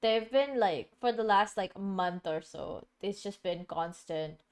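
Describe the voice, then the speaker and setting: A woman's voice: mid-range voice, unhurried, background noise. A woman streaming from home, chatting casually and rambling with many fillers and restarts. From Singapore. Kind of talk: casual live-stream chat.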